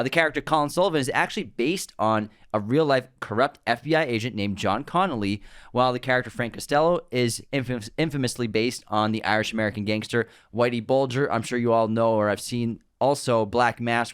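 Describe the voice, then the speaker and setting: A man co-hosting a casual film podcast, enthusiastically running through background facts in quick lists. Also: mid-range voice, clear, resonant tone, dry recording, clean studio sound. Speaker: podcast co-host.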